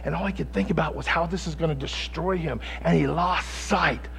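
A man preaching a sermon, dramatic and casual, swinging from shouting to hushed asides. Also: on the high side, brisk, vocal fry, a little hiss or hum.

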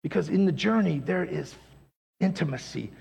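A man pastor preaching a sermon in a church, energetic and humorous, swinging between loud exclamations and hushed lines. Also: fairly high pitch, vocal fry, slightly rough. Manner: humorous, acts out quick voices. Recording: long hall reverb in a church.

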